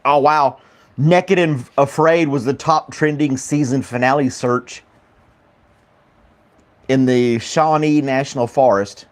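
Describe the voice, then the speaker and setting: Casual morning host, an American man at home, rambling with lots of ums and quick laughs. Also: mid-range voice, fairly even intonation. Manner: rambling, laughs often, many fillers. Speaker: morning talk show host. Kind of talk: casual chat with live chat viewers.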